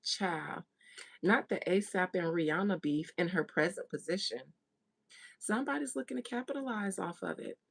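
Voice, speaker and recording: A woman's voice: fairly low pitch, lively intonation, moderate pace, creaky. Blunt, gossipy woman reader. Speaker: tarot reader. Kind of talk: casual monologue, spiritual reading.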